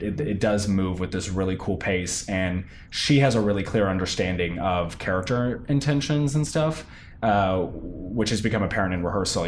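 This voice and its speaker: Young guy actor being interviewed, deep voice, lots of ums, bit of background hiss. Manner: animated, lots of fillers and restarts. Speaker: stage actor. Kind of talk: casual interview.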